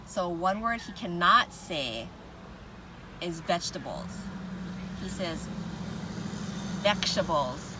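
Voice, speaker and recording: Faint traffic noise comes through the open windows of a parked car, where a woman livestreams, greeting viewers and laughing often in casual conversation. She has a fairly low, sing-song voice, speaks slowly, and pauses often.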